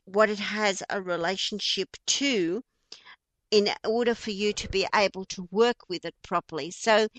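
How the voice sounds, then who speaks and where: A woman with an Australian accent teaches at an unhurried, deliberate pace, often pausing with ums and starting her sentences over. Her voice sits at a middling pitch, and the recording is close and dry, with no room sound. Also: a bit bright, dry recording. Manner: unhurried, explanatory, frequent ums and restarts. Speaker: feng shui teacher. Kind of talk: informal spoken lesson.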